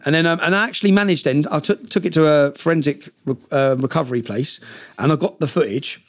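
A man, a podcast guest telling a long story in casual conversation, emphatic and fond of tag questions like "yeah?". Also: mid-range voice.

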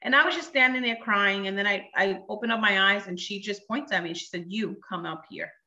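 A woman's voice: mid-range voice, fast talker, sharp tone, roomy sound, dull audio. A woman giving a personal testimony in conversation, telling her story with emotion and acting out what others said. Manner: earnest, emotional storytelling with quoted speech.

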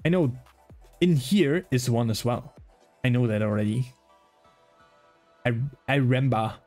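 A man's voice: medium pitch, lively intonation, unhurried, dark tone, soft background music. A man with a slight German accent, a native German speaker, streaming a game and bantering with chat in a playful, rambling way. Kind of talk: casual gaming livestream chat.

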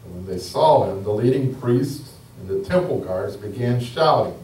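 A man leading a church service as pastor, making slow, deliberate declarations and retelling a scripture story as a sermon. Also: mid-range voice, expressive, a little mellow. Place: church hall. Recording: roomy hall from a distance.

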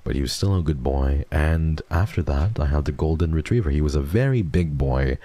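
A man's voice: very deep voice, lively intonation, fairly quick, mellow. A young man streaming casually, rambling and repeating himself as he talks fondly about dogs. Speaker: streamer host. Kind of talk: casual livestream chat.

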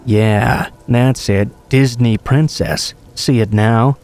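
A man's voice: mid-range voice, fairly even intonation, takes it slowly, a little mellow, faint music behind. A man voicing an erratic middle-aged male stranger who swings between polite and aggressive. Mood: creepy.

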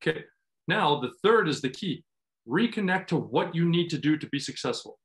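Over a video call, a former pro volleyball player earnestly explains mental training for athletes, often restarting his phrases and acting out his inner self-talk. His voice is fairly high, with lively intonation and a normal pace.

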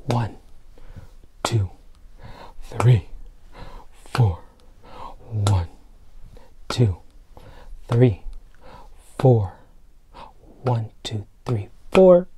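Slow, mellow-voiced man teaching preschoolers. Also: mid-range voice, very animated, a little hiss or hum. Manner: gentle, playful, explaining step by step to small kids. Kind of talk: remote lesson for young children.

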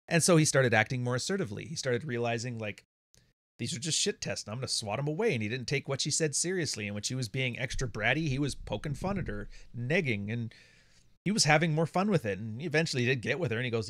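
A man's voice: mid-range voice, animated, quick pace, fairly bright tone, dry recording. A man hosting a casual monologue from his home studio, blunt and profane, often laughing. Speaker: podcast host.

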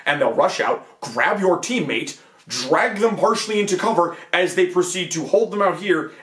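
A video essay host gives a casual monologue on fantasy gaming for his channel, sprinkling in rhetorical questions and "okay?" asides. His voice is high with a fairly bright tone, and the room is echoey.

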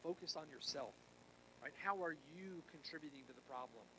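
A male pastor preaching a sermon, swinging between quiet intensity and loud emphasis and tossing in rhetorical asides to the congregation. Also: fairly high pitch, lively intonation, fairly quick, background noise.

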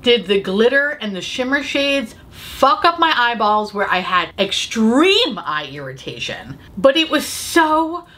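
Animated, bright-voiced woman ranting. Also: a little high, unhurried, hardly any pauses. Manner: profane, sarcastic, laughing often. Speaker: beauty vlogger. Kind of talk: casual ranting review.

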